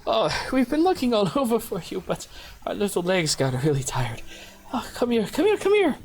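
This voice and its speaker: A doting little gnome mother, voiced by a man gushes in a squeaky, swooping coo. Her pitch leaps far above a normal speaking voice and bounces all over. She fusses warmly over her child. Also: huge pitch swings, moderate pace, slight background noise, exaggerated voice. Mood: gushing. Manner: high sing-song cooing, gushing.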